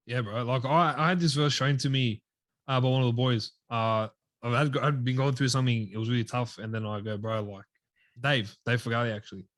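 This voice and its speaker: Casting: male co-host, mid-range, heartfelt, quiet at times, dry close mic. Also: mid-range voice, steady tone, fairly quick, dry recording. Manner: heartfelt, often drops to a quiet voice. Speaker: podcast co-host. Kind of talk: casual faith chat.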